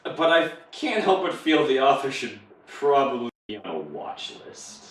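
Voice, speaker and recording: A man's voice: medium pitch, very animated, normal speed, fairly bright tone. A man co-hosting a podcast in casual chat, joking, swearing freely and often laughing. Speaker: podcast co-host. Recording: echoey room, far from the mic.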